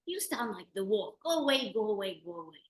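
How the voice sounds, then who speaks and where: A woman voicing two frightened little goat kids in a fairy tale, high, squealing and insistent. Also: big pitch swings, brisk, close to an everyday voice. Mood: scolding. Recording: roomy meeting-room recording.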